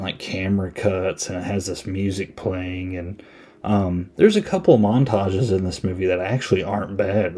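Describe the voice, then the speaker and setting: Laid-back low-voiced male podcaster. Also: mellow. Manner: rambling, filler-heavy, laid-back. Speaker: podcast host. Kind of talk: casual movie review.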